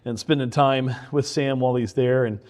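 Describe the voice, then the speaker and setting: A man's voice: mid-range voice, fairly even intonation, moderate pace, darkish tone. A middle-aged man preaching a sermon in an earnest way, often restarting and repeating words. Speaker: pastor.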